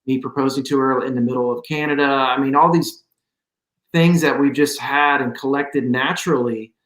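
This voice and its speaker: A man guesting on an interview, speaking casually and hesitantly, full of little fillers. His voice has a roomy echo around it, at an ordinary middle pitch. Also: fairly even intonation, normal speed, fairly bright tone. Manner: easygoing, hesitant, many fillers. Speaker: musician guest.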